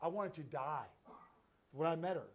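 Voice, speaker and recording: A man hosting a talk show, enthusiastic and halting with many restarts. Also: fairly high pitch. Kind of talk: casual chat.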